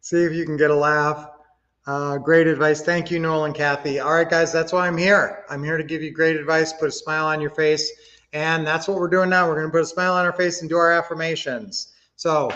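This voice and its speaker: Upbeat male livestream host, slightly high voice, casual teaching tone, dull webcam-mic sound. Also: fairly even intonation, moderate pace, fairly bright tone. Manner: upbeat, chatty, addresses viewers as guys.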